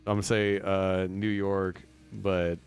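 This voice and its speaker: A man's voice: low voice, little pitch movement, takes it slowly, clean tone. A man from Indiana, a band member booking a tour, chatting casually and upbeat on a livestream, rambling with plenty of fillers. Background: faint demo music looping.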